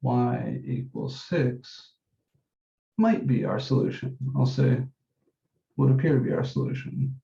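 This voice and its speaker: Male math instructor, very dark tone, methodical classroom delivery, echoey room. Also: medium pitch, creaky. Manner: methodical, repeats key steps, says numbers slowly while writing. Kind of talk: classroom lecture. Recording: dull echoey classroom recording.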